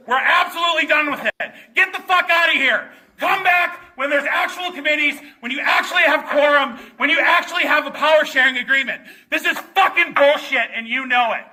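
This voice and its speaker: Woman protester yelling profane defiance, piercing high voice. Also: roomy sound, poor audio. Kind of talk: shouted protest confrontation. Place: state legislature committee room, indoors.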